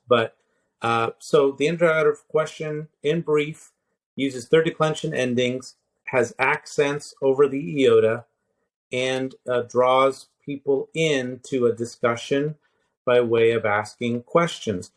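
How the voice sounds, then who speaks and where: A man of mid pitch walks a listener through Greek grammar in a casual, unhurried lesson. He explains patiently, pausing on fillers and restarting sentences, and spells out each word form slowly.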